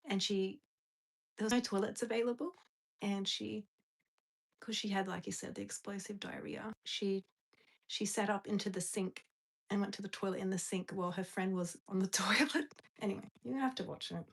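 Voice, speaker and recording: A woman's voice: medium pitch, steady tone, moderate pace, gravelly, slightly rough, poor audio. A young woman chatting casually with viewers on a live stream, giggly and rambling, often breaking off and restarting her sentences. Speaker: livestream host. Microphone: phone or webcam on a live stream.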